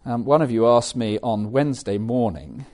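Middle-aged English preacher, mellow warm voice, animated conversational sermon delivery. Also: male voice, medium pitch, normal speed. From England. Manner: animated, conversational, with self-mocking asides.

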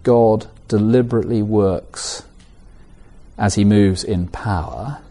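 Middle-aged English preacher, mellow warm voice, animated conversational sermon delivery. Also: male voice, on the low side, takes it slowly. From England. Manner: animated, conversational, with self-mocking asides.

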